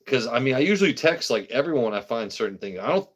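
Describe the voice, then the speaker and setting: A man's voice: mid-range voice, big pitch swings, fast talker. A man hosting a livestream in casual, rambling chat, swearing freely as he talks. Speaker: livestream host.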